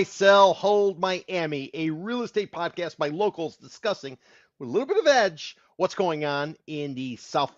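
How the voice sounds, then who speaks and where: A man's voice: on the high side, dry recording, highs cut off. A man hosting a local real estate podcast, opening with an upbeat intro and chatting casually with his co-host.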